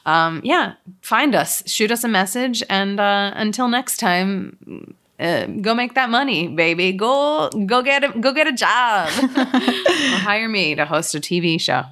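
A woman's voice: medium pitch, animated, unhurried, fairly bright tone. A young woman co-hosting a podcast in casual chat, talkative, swearing freely and full of fillers. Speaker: podcast co-host.

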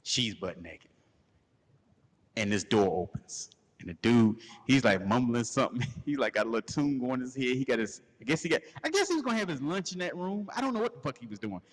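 A man's voice: mid-range voice, fairly quick. Guy on a podcast ranting a crude funny story, laughing a lot, big hall echo. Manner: crude, animated, laughing through his story. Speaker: podcast host. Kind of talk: casual comedic storytelling rant. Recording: long hall reverb.

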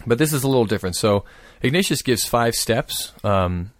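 A man calmly explaining a prayer practice in casual conversation. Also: mid-range voice, moderate pace, dry recording. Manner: thoughtful, explanatory, steady.

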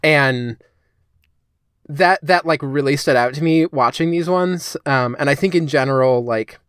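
A man's voice: a little high, unhurried, fairly bright tone, clear, resonant tone, dry recording, clean studio sound. A man co-hosting a podcast in a casual discussion, chatty and filling his talk with "like" and "um". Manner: chatty, heavy use of "like" and "um". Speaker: podcast co-host.

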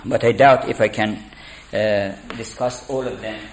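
A man giving a spoken lecture on poetry, deliberate and halting with many fillers. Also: lowish voice, fairly even intonation, slight background noise. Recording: echoey room.

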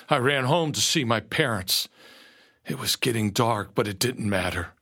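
A man narrating a first-person story slowly and earnestly, dropping to a hush at moments. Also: mid-range voice, breathy edge. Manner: slow, earnest storytelling with quiet hushed moments.

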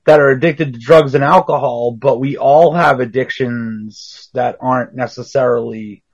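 Husky, blunt man on a podcast. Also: mid-range voice, moderate pace, lo-fi sound. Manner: blunt, swears freely. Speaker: podcast co-host. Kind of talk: casual chat.

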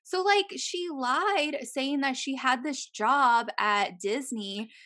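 A young woman in casual chat, retelling a true-crime story with animated voices for the people in it and frequent swearing. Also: high voice, slow pace.

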